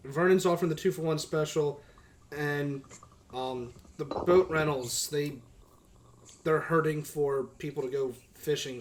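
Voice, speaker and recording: A man running a tabletop game online as game master, talking in a relaxed, meandering way with many fillers. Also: medium pitch, a little hiss or hum.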